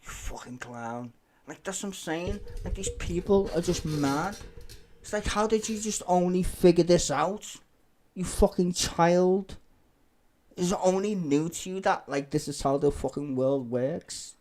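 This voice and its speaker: A man's voice: high voice, unhurried, mellow. A man live-streaming, ranting sarcastically and swearing as he reacts to a clip.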